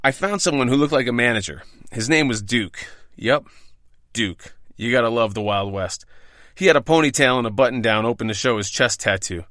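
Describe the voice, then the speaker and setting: A podcast host reads out his own bartending stories in scripted first-person fashion, sounding wry, profane and self-deprecating. His mid-range voice is fairly quick and a bit bright, captured as a dry, studio-quality recording.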